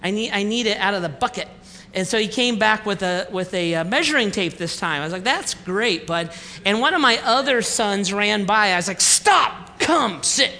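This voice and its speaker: A man preaching a sermon, telling a comic family story with acted-out dialogue, then slowing down for the lesson. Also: sits high, expressive, bright, forceful tone. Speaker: pastor. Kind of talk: sermon with a humorous personal story. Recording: reverberant hall with faint room noise.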